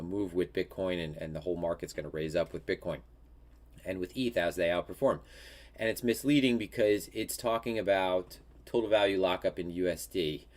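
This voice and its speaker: A man with a very low, congested voice hosts a live market commentary show. He talks loosely and off the cuff, full of ums and restarted phrases. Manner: casual, many fillers and restarts. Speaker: crypto market show host.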